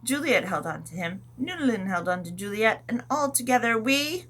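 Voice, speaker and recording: A woman teacher telling a story to young children in a gentle, animated way, adding sound effects as she goes. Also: a little high, normal speed, hardly any pauses.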